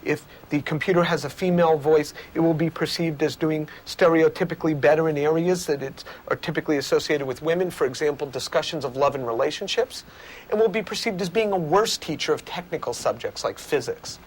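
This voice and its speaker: A male researcher giving measured, lecturing explanations in an interview. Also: a little high, a little hiss or hum. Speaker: communication researcher.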